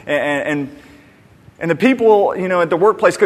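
A pastor giving an emphatic, conversational sermon. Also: male voice, high voice, normal speed. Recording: long hall reverb.

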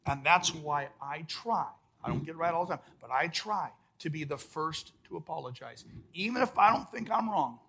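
A man preaching a sermon as pastor at a church service, emphatic, swinging between loud outbursts and hushed, soft lines. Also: fairly high pitch, lively intonation, normal speed, gravelly, few pauses, breathy edge.

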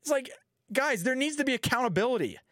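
A man hosting a casual podcast chat, ranting with lots of profanity and lively swings. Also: extremely high pitch, quick pace, no room sound, clean studio sound. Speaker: podcast host.

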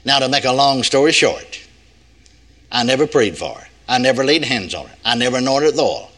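A man's voice: medium pitch, lively intonation, brisk, fairly bright tone. An older man preaching a sermon that tells a story, with a folksy, emphatic manner and plenty of repetition.

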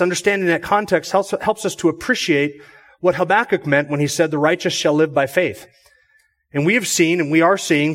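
A man preaching a measured expository sermon as pastor. He repeats phrases for emphasis and lifts his voice on key words. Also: a little high.

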